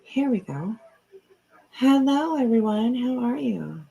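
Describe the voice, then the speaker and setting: A middle-aged woman chats casually to her livestream audience from home, speaking into her computer mic. Her voice has a gravelly edge and a husky texture. She rambles with side comments and swears freely. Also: a little high, lively intonation, slow, dark tone, highs cut off. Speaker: livestream host.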